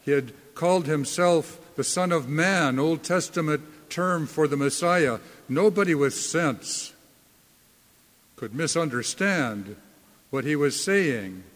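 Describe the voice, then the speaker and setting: A man preaching a sermon in a slow, deliberate way, leaning hard on key words. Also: a little high. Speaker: pastor. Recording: long reverb of a hall.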